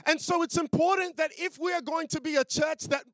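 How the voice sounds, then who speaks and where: A man's voice: extremely high pitch, fairly even intonation, brisk, a bit bright, dry recording. A man in his thirties with an Australian accent, a pastor preaching a sermon in a chatty, storytelling way, full of fillers and restarts. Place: church.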